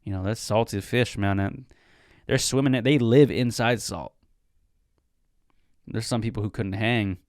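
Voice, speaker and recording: A man's voice: on the low side, measured pace, pauses often, no room sound, clean studio sound. A young man hosting his own podcast, rambling casually with joking asides. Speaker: podcast host. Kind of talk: casual solo chat.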